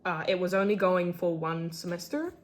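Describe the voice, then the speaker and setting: A woman's voice: fairly even intonation, moderate pace. Chatty teen girl flipping through sketches. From Australia. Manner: chatty, self-deprecating, full of "like" and "um"; gushes with sudden high squeals over favourite characters. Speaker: artist showing her sketchbook. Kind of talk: casual chat.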